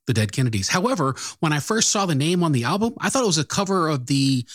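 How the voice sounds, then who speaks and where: Lively man co-hosting a music podcast. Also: a little high, fast, no echo, studio quality. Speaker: podcast co-host. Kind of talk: casual music podcast chat.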